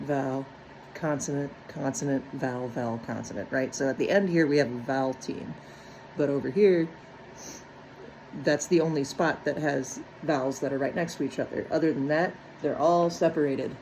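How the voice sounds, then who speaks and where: A woman's voice: deep voice, darkish tone, slight background noise, low-quality recording. A woman walking step by step through a phonics lesson on breaking words into syllables, checking in often with "right?". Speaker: teacher.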